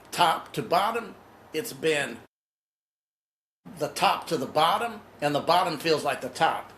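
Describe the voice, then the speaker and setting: Male spiritual teacher, bright and forceful in tone, pitched a touch high; reads passages aloud and breaks them down with repetitive emphasis. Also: a little hiss or hum, low-quality recording. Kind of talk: teaching from a text.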